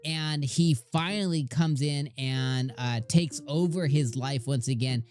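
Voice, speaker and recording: A man hosting an anime channel, giving casual reaction commentary in an excitable, gushing way with lots of rambling restarts. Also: medium pitch, measured pace. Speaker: anime reviewer and channel host.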